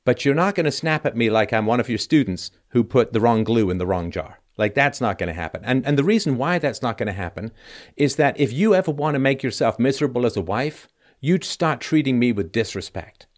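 A man's voice: mid-range voice, lively intonation, a little fast. A man hosting a call-in advice show who talks animatedly and acts out both sides of an argument. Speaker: host.

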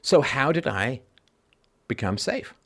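A man's voice: medium pitch, very animated, takes it slowly, gravelly, fairly bright tone, slightly rough. A man hosting a call-in show, giving an emphatic philosophical monologue and repeating key lines for stress. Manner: briefly acts out other people's reactions in mocking voices.

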